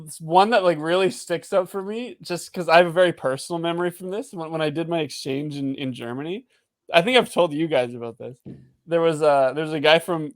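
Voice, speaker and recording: A man's voice: on the high side, no room sound, clean studio sound. A man co-hosting a podcast in casual chat, telling stories in a friendly way and laughing easily. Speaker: podcast co-host.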